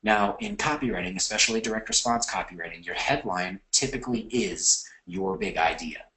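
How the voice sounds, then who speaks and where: Male instructor, lowish voice, relaxed lecture delivery with fillers and restarts. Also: brisk, low-quality recording. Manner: conversational, with fillers and self-corrections. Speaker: course instructor. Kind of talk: recorded lecture on copywriting.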